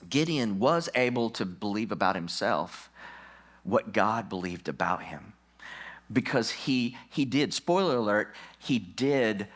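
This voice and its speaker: A man preaching a sermon in church as a pastor. He speaks emphatically, repeats key lines for effect, and shifts from low, quiet phrases to louder bursts for stress. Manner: emphatic, drops low then rises for stress.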